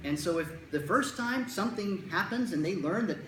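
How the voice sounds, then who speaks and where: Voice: mid-range voice, animated, normal speed. Presenter talking to parents, jokey and chatty, voice jumps around a lot, echoey room with a bit of hiss. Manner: conversational, jokey, acts out quotes. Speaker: presenter on child anxiety. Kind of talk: lecture to parents. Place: lecture room with an audience. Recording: roomy echo, faint room noise.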